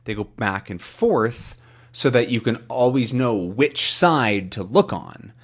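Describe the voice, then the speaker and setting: Man, English teacher, very slow pace, lively pitch, explaining a comic for learners. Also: slightly rough. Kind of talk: reading a comic aloud for learners.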